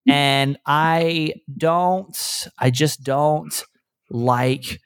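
A man's voice: on the high side, steady tone, drawn-out words, smooth, no room sound, studio quality. A middle-aged man hosting a podcast, talking in a candid, rambling, self-deprecating way. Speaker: radio and podcast host. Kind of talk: casual conversational podcast chat.

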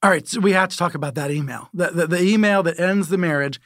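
A middle-aged man in an animated podcast conversation, quick and given to repeating words. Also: sits high, dry recording, studio quality. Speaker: media reporter and podcast co-host.

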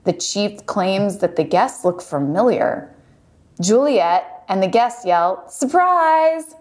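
A woman's voice: medium pitch, slow pace, a little mellow. A woman co-hosting a podcast, chatting casually and recapping an episode with frequent laughs. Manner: bubbly, giggly, recapping. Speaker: podcast co-host. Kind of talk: casual chat.

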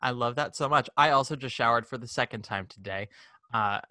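Male podcast host, forceful and crisp, playful camp energy, dry close sound. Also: mid-range voice, fairly quick, dry recording. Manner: animated, playful and campy. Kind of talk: casual podcast chat.

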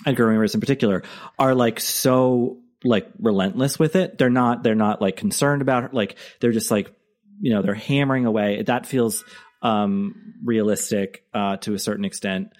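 A man co-hosting a casual podcast, talking things through in a halting way with many fillers and restarts. His voice sits somewhat low. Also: darkish tone. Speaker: podcast co-host.

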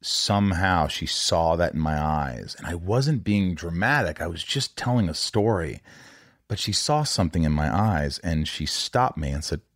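A man with a very low voice speaks candidly in a conversation. He often stumbles over his words and repeats himself, with the odd casual curse. The sound is dry and close. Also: animated, normal speed, a bit bright, dry recording. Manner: earnest, stammering repetitions, swears casually.

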